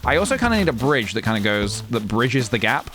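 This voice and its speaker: A man's voice: medium pitch, big pitch swings, fairly quick. Rambling, jokey male streamer. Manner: playful, rambling, jokey, many restarts. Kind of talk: casual gameplay chat.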